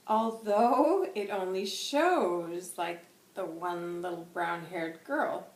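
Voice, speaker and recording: A woman host giving a channelled spiritual reading, talking slowly and softly with meditative pauses and hesitations. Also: lowish voice, huge pitch swings. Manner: slow, soft and meditative, with hesitations. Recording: roomy echo with faint background noise.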